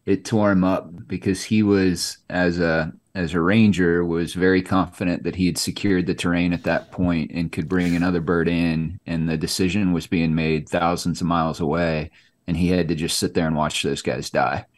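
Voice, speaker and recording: A man's voice: low-pitched, flat delivery, normal speed. A middle-aged American man, a military veteran, speaking soberly and measuredly as a podcast guest. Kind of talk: interview conversation.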